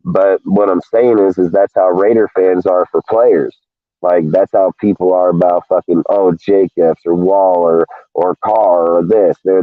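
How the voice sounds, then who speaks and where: A man's voice: low voice, dry recording. A man ranting in a casual sports talk show, heated and profane, calling everyone "dude". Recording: tinny phone-like line, dry.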